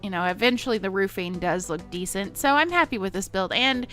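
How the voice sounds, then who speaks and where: A young woman in her late twenties chats away over her gameplay in a light Southern accent. Her voice is bright and forward, and she rambles from one aside to the next, full of fillers and self-mocking laughs. Soft music plays underneath. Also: mid-range voice, expressive, fairly quick. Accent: Southern American. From Missouri. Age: 20s. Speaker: gaming vlogger. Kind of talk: casual chat over gameplay.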